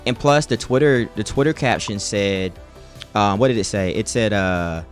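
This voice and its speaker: Laid-back low-voiced male streamer. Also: normal speed, soft background music. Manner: laid-back, slangy, reads chat aloud. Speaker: streamer reacting live with chat. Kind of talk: casual live-stream chat.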